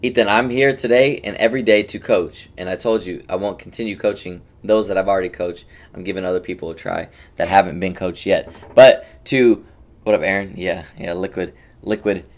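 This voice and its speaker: A young man with a lowish voice talks loosely to his live chat from a desk mic. He drifts from topic to topic, cracks jokes and calls out viewers by name as the stream gets going. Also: a little fast. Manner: rambling, joking, greets chat by name. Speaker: streamer and game coach. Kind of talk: casual livestream chat.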